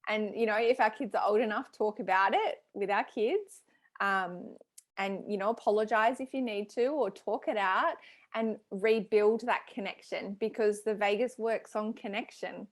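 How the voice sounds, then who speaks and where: A woman's voice: mid-range voice, normal speed. A woman in her thirties, a podcast guest, explaining things in a thoughtful, casual way with plenty of fillers. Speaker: podcast guest, health expert.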